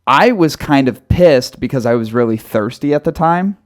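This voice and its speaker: A man's voice: mid-range voice, expressive, moderate pace. A young man co-hosting a podcast, teasing his friend and acting out the sounds as he tells a story. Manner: teasing, mock-stern, acts out sounds. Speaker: podcast co-host. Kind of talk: casual storytelling chat.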